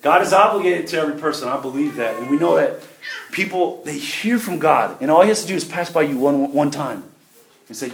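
A man's voice: a little high, lively intonation, fairly quick, gravelly. A middle-aged man, preaching a sermon in a church with folksy, emphatic delivery and shifting volume. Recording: echoey room with faint noise.

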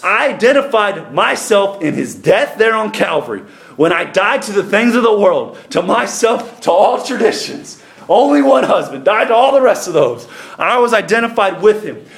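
A middle-aged man preaching a sermon, reading scripture and building to fervent shouts. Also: high-pitched, very animated, moderate pace, vocal fry, roomy sound. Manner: reads scripture aloud and comments, rising to fervent shouts.

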